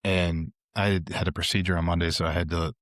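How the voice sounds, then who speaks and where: A man's voice: deep voice, flat delivery, a little fast, a bit bright, no room sound, clean studio sound. A man as a podcast guest, telling laid-back, joking stories in casual chat.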